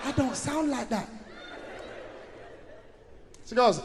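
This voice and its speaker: A man doing loud, excitable stand-up storytelling. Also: very high voice, moderate pace. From London. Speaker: stand-up comedian. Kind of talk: stand-up comedy.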